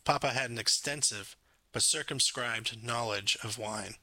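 A man from France reads his memoir aloud in a measured, gently wry voice. His tone is very bright and the recording is close and dry, with a middle pitch. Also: no echo. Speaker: memoir narrator. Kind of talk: scripted narration.

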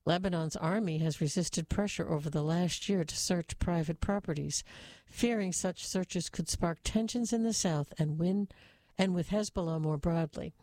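Mellow-voiced woman reading news stories. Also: on the low side, normal speed, no room sound. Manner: steady, even news delivery. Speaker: news reader.

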